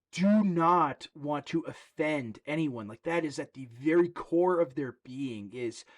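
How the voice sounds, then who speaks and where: A man in a casual podcast discussion, earnest and full of repeated words and restarts. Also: on the high side.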